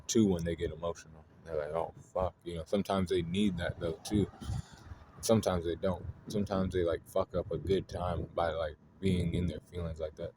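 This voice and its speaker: Rambling deep-voiced man, noisy background. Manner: rambling, filler-heavy, frequent swearing. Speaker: astrology video host. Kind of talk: casual spoken monologue.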